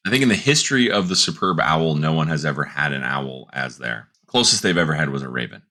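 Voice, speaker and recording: A man co-hosting a casual podcast, telling a long joke and slipping into quick voices for its characters. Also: a bass voice. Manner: animated storyteller doing quick character voices. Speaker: podcast co-host.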